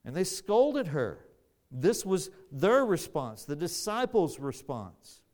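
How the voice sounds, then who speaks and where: A man's voice: fairly high pitch, very animated, slow pace, a little mellow. A man preaching a sermon, earnest, often repeating words as he searches for the phrasing.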